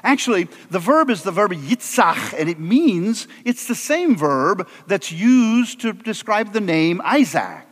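A man preaching a sermon as an animated, humorous storyteller with a conversational delivery. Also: high voice, measured pace, hardly any pauses, long reverb tail.

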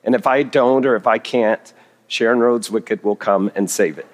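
A man's voice: lowish voice, normal speed. A middle-aged man preaching a sermon, telling stories with humor and poking fun at himself. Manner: humorous, self-deprecating storytelling. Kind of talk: storytelling sermon. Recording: reverberant hall.

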